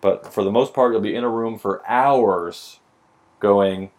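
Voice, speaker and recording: A man's voice: lowish voice, measured pace, a little mellow. A man on a casual podcast, telling wry, profane stories about the hiring process and a little tipsy. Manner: profane, wry storytelling with mock dialogue. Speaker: podcast co-host explaining police hiring. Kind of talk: casual drinking-podcast chat.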